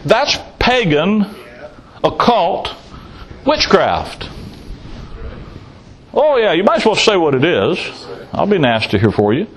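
A man's voice: high-pitched, big pitch swings, takes it slowly, pauses often, rough recording. A man preaching a sermon in a blunt, folksy way, teasing his listeners and firing off rhetorical questions.

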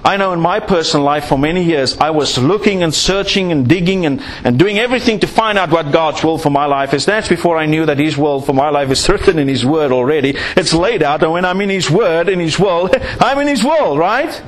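A man's voice: a little high, a little fast, few pauses. A man preaching a sermon, acting out little scenes to make his points. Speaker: pastor.

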